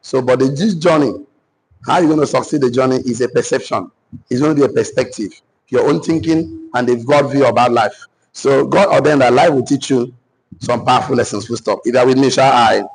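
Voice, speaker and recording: Husky Nigerian man dictating slow lessons. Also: mid-range voice, poor audio. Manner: repeats phrases slowly for note-taking. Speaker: business coach. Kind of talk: dictated teaching session.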